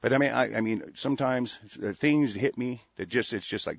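A man's voice: on the low side, fairly quick, hardly any pauses, dry recording, muffled recording. A male radio show host delivering a profane, combative monologue. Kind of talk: heated monologue on internet radio.

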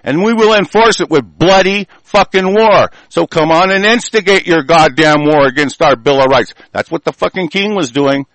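A man from the United States delivering an angry, profane political rant, swinging from loud outbursts to low muttering. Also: normal speed, hardly any pauses, no echo, low-quality recording.

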